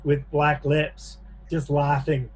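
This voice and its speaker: A man narrating a tabletop horror game as game master on a video call, pausing often with fillers. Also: on the high side, completely flat delivery, a little mellow, a little hiss or hum. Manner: halting narration with many fillers.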